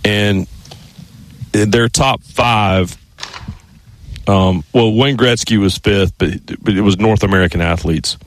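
A man's voice: lowish voice, takes it slowly, long pauses, a little hiss or hum. A man hosting sports talk radio in a studio, a rambling storyteller who keeps restarting his sentences.

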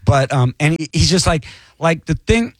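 A man's voice: fairly high pitch, expressive, normal speed, dry recording. A man, a comedian, chatting casually in a rambling, self-deprecating way. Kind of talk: casual chat.

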